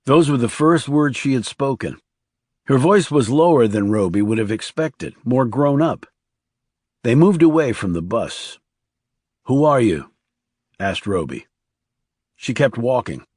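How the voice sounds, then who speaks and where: A man reading a crime thriller audiobook aloud in a low, hushed storytelling delivery. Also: lively intonation, measured pace, pauses often, breathy edge, no echo, clean studio sound. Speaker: audiobook narrator. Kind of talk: scripted narration.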